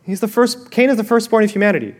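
A male pastor preaching a sermon, expressive, dropping to a hush and rising again, asking the listeners questions directly. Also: sits high, fast. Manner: expressive, swings from loud to hushed.

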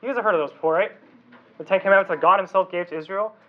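A man with a high voice gives a youth sermon in a loose, talky way. He keeps checking in with the listeners through questions. The sound is a little dull and lo-fi. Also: rapid-fire. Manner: conversational, asks the audience questions. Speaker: youth pastor.

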